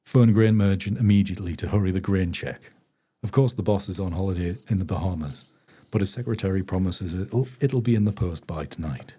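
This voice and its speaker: Deep husky man reading a diary aloud. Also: mellow. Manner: unhurried reading broken by chatty asides to viewers. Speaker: streamer reading a book aloud. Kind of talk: reading a diary book aloud on a live stream.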